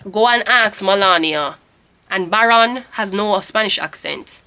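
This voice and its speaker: Blunt Jamaican woman, bright voice. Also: mid-range voice, measured pace, clean tone. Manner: blunt, profane, rambling opinion. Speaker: tarot reader. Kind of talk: casual monologue.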